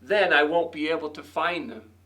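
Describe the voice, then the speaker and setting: A man's voice: fairly high pitch, normal speed, bright, forceful tone. A man voicing a cranky, grumbling male rabbit in a read-aloud storybook, complaining about spring. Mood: grumpy.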